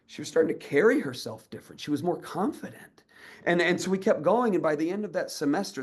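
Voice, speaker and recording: A man in his thirties, an educator giving a storytelling talk, acting out the voices of people in his story with energy. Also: on the high side. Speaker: educator and speaker.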